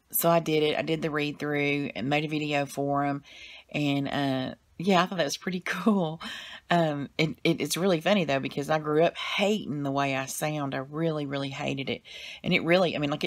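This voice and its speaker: A woman with a Southern US accent, chatting casually to her camera as a vlogger, rambling with lots of fillers and restarts. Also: deep voice.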